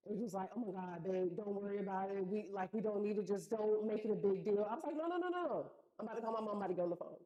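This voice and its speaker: A woman's voice: mid-range voice, very fast, hardly any pauses, highs cut off, a crowd in the background. A woman telling a personal story in a casual, slangy way, acting out what people said. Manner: animated, slangy retelling with acted-out quotes.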